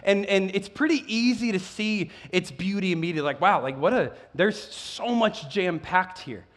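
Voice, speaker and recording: A man preaching a sermon as a pastor, excitable and often stumbling and restarting his sentences. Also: sits high, moderate pace.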